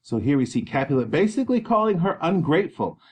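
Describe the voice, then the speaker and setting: Animated male teacher explaining a play. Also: a little high, fast talker, slightly rough. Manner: animated, with exclamations.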